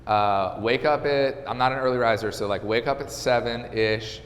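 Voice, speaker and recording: A man in his thirties, a podcast guest and real estate agent, telling a candid personal story in a halting, conversational way. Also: mid-range voice, long reverb tail. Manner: conversational, halting with restarts and fillers.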